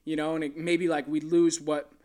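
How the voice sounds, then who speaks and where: Caddie guy telling a story, kinda higher voice, lots of likes and you knows. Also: level tone, normal speed, darkish tone. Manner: easygoing storyteller, many fillers. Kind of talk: casual interview chat.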